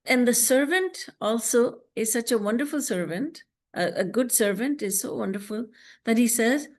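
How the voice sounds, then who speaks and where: In a devotional lecture delivered over video call, this female spiritual teacher sounds earnest and tells stories, her expressive voice on the high side. When she reaches scripture verses, she slows down to recite them.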